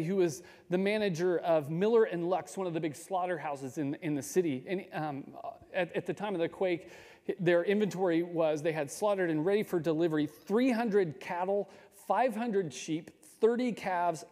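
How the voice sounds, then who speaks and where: Guy with a fairly high, mellow voice telling a story, stops and restarts a bit, long hall echo. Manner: measured, with small restarts and pauses. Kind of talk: storytelling talk.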